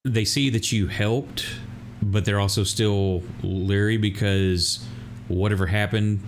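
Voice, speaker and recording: A man narrating as dungeon master of a tabletop game, halting and searching for words with many fillers. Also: fairly low pitch, steady tone, a little hiss or hum.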